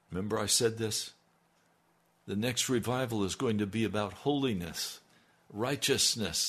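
A man with a lowish, slightly rough voice preaches an impassioned sermon on the radio as a pastor. He swings between loud emphasis and hushed, intimate lines.

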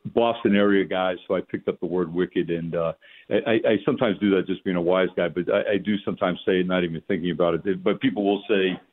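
An older former football coach from the New York area talking as a radio guest, halting with many fillers and restarts. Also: male voice, low voice, fairly even intonation. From New York metropolitan area. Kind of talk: casual radio interview. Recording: phone line.

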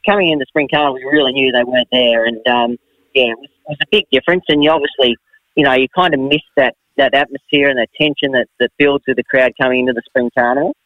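A middle-aged man answers questions quickly and modestly as an interview guest. He comes through a tinny, narrow phone line. The sound is dry, with no room echo. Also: medium pitch, fairly even intonation.

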